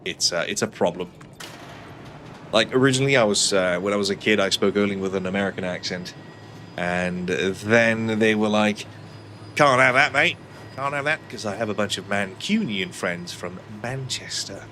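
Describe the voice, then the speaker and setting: A man's voice: fairly low pitch, normal speed, a bit bright, a little hiss or hum. A man whose first language is not English, with a mixed, upper-class English-sounding accent, chatting dryly and swearing while streaming a game and reading chat. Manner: dry, jokey, swearing often.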